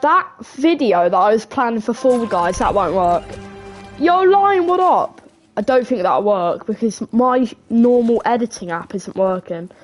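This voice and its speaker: A woman's voice: mid-range voice, lively intonation, moderate pace, hardly any pauses. A woman live-streaming a video game, chatting casually and greeting viewers by name. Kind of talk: live gameplay commentary. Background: background music.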